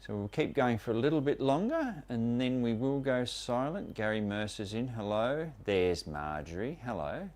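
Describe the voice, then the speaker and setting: A man's voice: medium pitch, very animated, normal speed, hardly any pauses, a little mellow. An Australian man hosting a live stream, chattily welcoming viewers one by one by name. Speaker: host of a live prospecting show.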